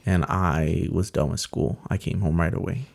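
A young man telling a personal story in casual talk, earnest and halting, with many fillers. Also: sits low, steady tone, gravelly, a little mellow. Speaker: guest telling his story.

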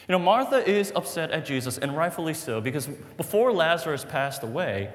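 A man preaching a sermon as pastor, conversational and animated, often checking in with "right?" and "okay?". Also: a little high, brisk, hardly any pauses, long reverb tail.

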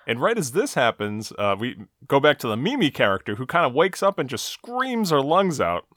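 A man's voice: mid-range voice, wildly swooping pitch, normal speed, fairly bright tone, dry recording, clean studio sound. A man co-hosting a podcast, recapping a TV episode in casual chat with a wry, chuckling manner and frequent fillers.

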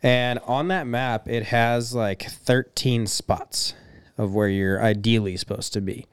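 Young male podcast co-host, smooth and dry, relaxed storyteller who swears casually. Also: medium pitch, takes it slowly, no echo. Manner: laid-back storyteller, swears freely, laughs often. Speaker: podcast co-host and race promoter. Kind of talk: casual chat.

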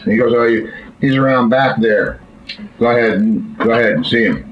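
A podcast host with a mid-range voice runs a casual chat, telling jokes in a folksy, rambling manner and often restarting his sentences. He talks briskly, and the audio is slightly dull and lo-fi with faint noise.

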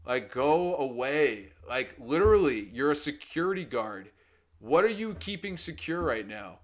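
A man co-hosting a podcast in casual chat, talking in a loose, animated way with lots of fillers and the odd curse. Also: normal speed. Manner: animated storyteller who acts out quotes with loud pitch jumps; swears casually, many fillers like "you know" and "man". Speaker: podcast co-host.

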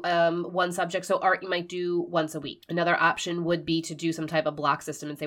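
A woman hosting a homeschooling podcast, giving casual, encouraging advice straight to listeners with a stuffed-up nasal and breathy voice. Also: deep voice. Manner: warm, encouraging, direct-to-listener.

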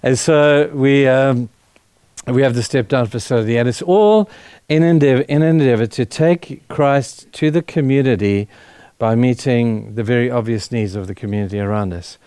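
A man's voice: mid-range voice, warm tone, clean tone, no room sound. A middle-aged man, a pastor, giving a sermon as a personal testimony, speaking earnestly and with feeling, often breaking off and restarting his sentences. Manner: earnest, emotional storytelling with halting restarts.

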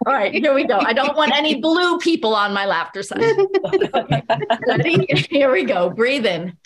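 A woman's voice: high-pitched, very animated, normal speed. Upbeat woman leading a laughter class. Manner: upbeat, coaching, often laughing. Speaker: laughter session leader. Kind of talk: leading a group laughter exercise.

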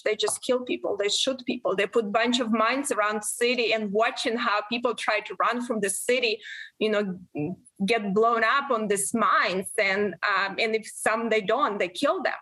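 Earnest woman in her 40s, high voice, keeps restarting sentences in an interview. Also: pushed and bright, breathy edge. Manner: earnest, halting with many restarts and fillers. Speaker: guest, member of Congress. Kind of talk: interview answers.

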